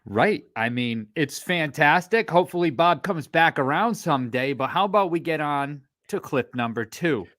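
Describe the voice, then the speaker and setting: A man's voice: a little high, expressive, normal speed, hardly any pauses, fairly bright tone, no echo, clean studio sound. Casual man reacting as podcast co-host.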